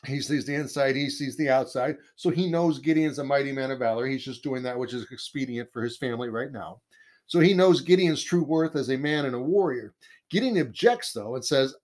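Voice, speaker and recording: A man's voice: mid-range voice, a little fast, darkish tone. A man teaching the Bible in a conversational sermon, earnest and emphatic, often repeating key phrases.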